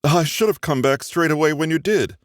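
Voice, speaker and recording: A man's voice: a little high, brisk, no room sound, studio quality, pitched above the performer's own voice, lightly acted. A male audiobook narrator voicing a proper woman around thirty, a devoted mother with an accent who speaks in a cool, prim, clipped way.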